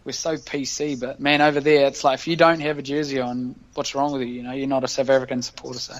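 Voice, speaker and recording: A man's voice: medium pitch, little pitch movement, quick pace, muffled recording. A man with a New Zealand accent, a podcast guest telling stories in casual, slangy chat and laughing often. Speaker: guest, professional rugby player.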